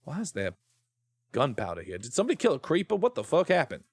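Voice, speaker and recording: Guy streaming minecraft, rambly and playful, bit high voice, swears a lot, dry close mic. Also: huge pitch swings, fast talker, husky, dry recording. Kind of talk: casual live-stream chat while gaming.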